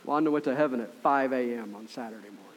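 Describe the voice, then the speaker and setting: A middle-aged male pastor with a mid-range voice preaches a sermon in an earnest, conversational style. He frequently checks in with his listeners through quick asides.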